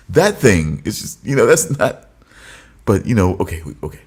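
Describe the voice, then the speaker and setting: A man's voice: on the low side, very animated, normal speed, a little mellow, husky. A man co-hosting a casual podcast chat, thinking aloud and circling back through restarts as he works out his point. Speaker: podcast co-host.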